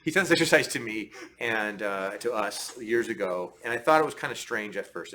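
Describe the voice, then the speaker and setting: A man's voice: on the low side, lively intonation, normal speed, bright, forceful tone, slight background noise. A man teaching a martial arts class, chatty and friendly, often checking in with his students. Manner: chatty, laughs often, restarts and checks in with "okay?".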